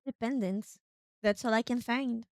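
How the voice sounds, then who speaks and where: A woman streaming a video game, chatting casually, thinking aloud in a rambling way with sudden excited outbursts. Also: a little high, normal speed, no room sound, studio quality.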